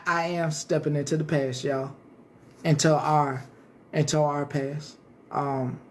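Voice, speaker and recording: A man's voice: on the high side, a little hiss or hum. Profane, ranting male stream host. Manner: cursing heavily, taunting viewers directly; rambling with many restarts. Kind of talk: casual profane live-stream rant.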